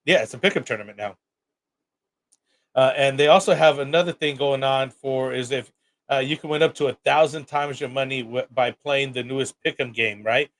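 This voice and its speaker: A man's voice: medium pitch, normal speed, a bit bright. A man co-hosting a live fantasy football stream, casually reading a sponsor promo with many fillers and restarts. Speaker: co-host.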